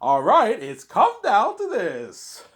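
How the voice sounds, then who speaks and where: A man putting on an excited Southern American gaming YouTuber, pitched far above a normal male voice. He stretches every word out slowly, like a hyped announcer opening a video. The delivery is loud and theatrical. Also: heavily acted. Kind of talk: comic impression.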